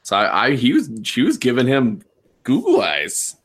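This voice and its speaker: A man's voice: medium pitch, wildly swooping pitch, normal speed. A man playing a tabletop game, laid-back and jokey. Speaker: player. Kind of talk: casual tabletop role-play chat.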